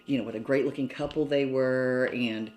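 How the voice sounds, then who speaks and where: A woman's voice: rumbling low, fairly even intonation, normal speed, a little mellow. An older woman from Mobile, Alabama, being interviewed and reminiscing casually, chatty and laughing often between phrases. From Mobile, Alabama, USA. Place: indoors in a cottage. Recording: roomy echo.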